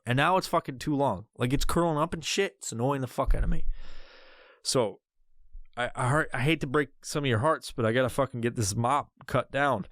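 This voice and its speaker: A man's voice: medium pitch, a bit bright, no room sound, studio quality. A man hosting a podcast, ranting casually and profanely through a headset mic, rambling with many restarts. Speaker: podcast host.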